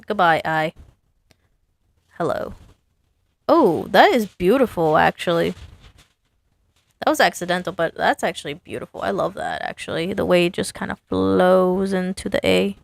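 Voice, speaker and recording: A woman's voice: fairly low pitch, normal speed, gravelly, long pauses, dry recording. A woman sign designer casually talking through her work, chatty and self-amused, thinking aloud as she designs. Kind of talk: casual design commentary while working.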